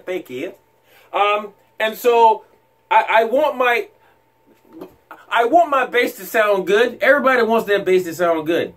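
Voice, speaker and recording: A man, a bass player talking casually to camera, animated, laughing often and repeating words.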